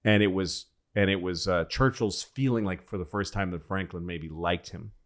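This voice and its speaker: A comedian telling a rambling, profane history story on a casual podcast, with frequent restarts and asides. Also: male voice, low-pitched, moderate pace. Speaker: comedian guest.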